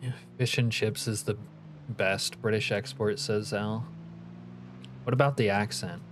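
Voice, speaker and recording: A man's voice: fairly low pitch, steady tone, measured pace, noisy background. Laid-back man streaming a game. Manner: laid-back, joking, reads chat comments aloud. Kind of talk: casual live-stream commentary.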